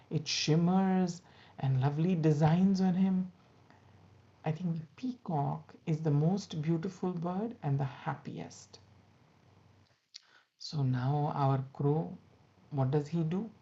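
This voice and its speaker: A woman telling a children's story in an animated, chatty way, with asides to her listeners. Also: low voice, takes it slowly. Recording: dull lo-fi recording.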